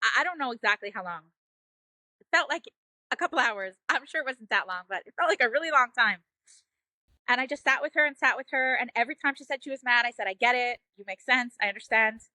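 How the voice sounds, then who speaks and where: A woman with a high, bright, clear voice recounts a moment with her child in an earnest, heartfelt way. Her speech is loose and conversational, full of "like" and "you know." The sound is close and dry. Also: fast, dry recording. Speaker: parenting guest, mother. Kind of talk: heartfelt personal storytelling.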